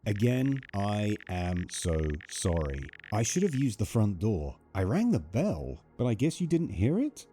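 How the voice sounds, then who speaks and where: Daniel, a creepy, too-sweet neighbor. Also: male voice, on the low side, big pitch swings, a little slow, few pauses. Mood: creepy friendly. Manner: soft, unsettlingly sweet. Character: creepy overfriendly male neighbor. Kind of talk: horror game voice acting.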